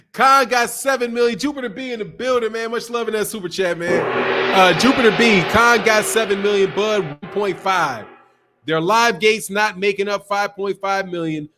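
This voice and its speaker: Laughing, high-voiced boxing live-stream host. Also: male voice, unhurried, noisy background. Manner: loose, laughing, profane banter reading out chat messages. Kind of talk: casual live-stream chat.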